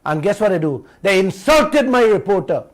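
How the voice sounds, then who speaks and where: A man with a Guyanese accent hosting a radio talk show, telling stories in an animated, indignant way and repeating himself. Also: high voice, moderate pace, low-quality recording. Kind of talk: heated talk radio monologue.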